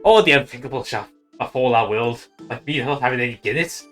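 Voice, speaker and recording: A man's voice: mid-range voice, fairly quick, fairly bright tone, soft background music, close to an everyday voice. A man voicing a boozy male bird prophet in a put-on Irish accent, making mock-solemn proclamations for a comedic game dub. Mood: mock grave.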